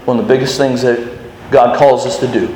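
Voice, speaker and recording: A man preaching a sermon to children, animated and often asking them questions. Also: medium pitch, brisk. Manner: animated, questioning the audience, restarts. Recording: echoey hall with faint noise.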